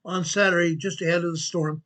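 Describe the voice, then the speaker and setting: A man hosts a casual emergency news show with plenty of energy. He repeats himself and keeps turning to the viewers as "guys". His voice sits a little higher than most men's. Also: steady tone, a little fast, fairly bright tone. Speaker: host and company president.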